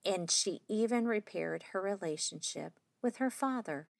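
A woman's voice: mid-range voice, animated, unhurried, vocal fry, no echo, clean studio sound. Woman host narrating a summary. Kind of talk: scripted narration.

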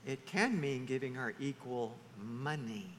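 A man preaching a sermon to his church, animated, often acting out the voices of the people he quotes. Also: mid-range voice, unhurried, slight background noise. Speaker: pastor. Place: church sanctuary. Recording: reverberant hall, faint ambience.

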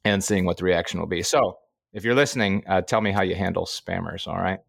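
A middle-aged man with a low voice chats on his podcast, taking his time over a story and often chuckling. The recording is dry and close. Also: a little fast, vocal fry, a bit bright, dry recording. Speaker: podcast co-host. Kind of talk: casual chat.

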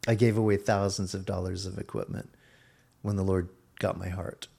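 A man's voice: low voice, flat delivery, normal speed, gravelly, mellow, slightly rough. A man preaching a sermon as pastor, explaining a Bible passage and acting out quotes from its figures.

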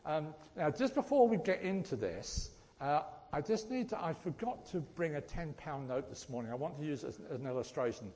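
Chatty lay preacher in a reverberant church. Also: male voice, on the high side, animated, fairly quick, few pauses, darkish tone. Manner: chatty, jokey, addresses the congregation directly. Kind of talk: casual church talk. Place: church hall.

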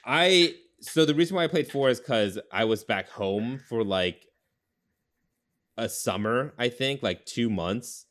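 A man's voice: medium pitch, lively intonation, a little slow, a bit bright. A man hosting a podcast in a rambling casual chat, full of fillers and restarts. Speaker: podcast host.

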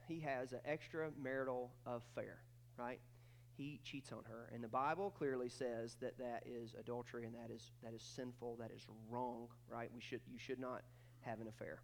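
A man preaching a sermon with emphatic swings between loud, high bursts and quiet, low stretches, often repeating words as he starts a thought. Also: fairly even intonation, moderate pace, creaky, slight background noise. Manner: acts out quoted voices in dialogue. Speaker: pastor.

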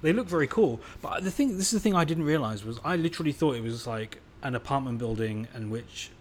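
A man's voice: medium pitch, animated, fast. A man co-hosting a podcast in casual chat, with dry, self-mocking humor. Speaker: podcast co-host.

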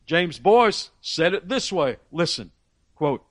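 A man with a notably high-pitched voice preaches earnestly, pressing hard on key phrases and stumbling into quick restarts. The sound is close and dry, with almost no room echo. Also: big pitch swings. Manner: earnest, emphatic, with frequent restarts and read quotations. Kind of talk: sermon.

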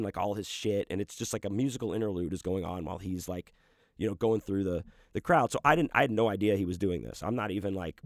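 A man's voice: on the low side, dry recording, studio quality. A man casually telling a personal story, rambling and swearing freely with lots of fillers. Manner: profane, rambling, full of fillers.

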